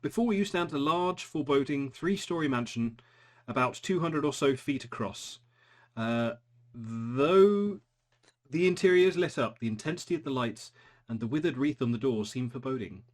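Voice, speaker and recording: Give me a man running a tabletop game, hesitant and stop-start, medium pitch. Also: animated, normal speed. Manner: hesitant, many ums and restarts. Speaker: game master.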